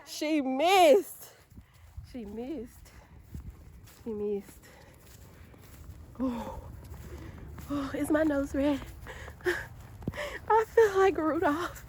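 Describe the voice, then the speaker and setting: Woman, vlogger, outdoors in snow, phone mic, faint background noise, high voice, chatty. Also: expressive, very slow, long pauses, a little mellow. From Georgia, US. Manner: chatty, laughing, exclaiming about the cold. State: cold, slightly out of breath. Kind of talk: casual vlog outdoors in snow. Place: outdoors in snow, parking lot. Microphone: handheld phone camera.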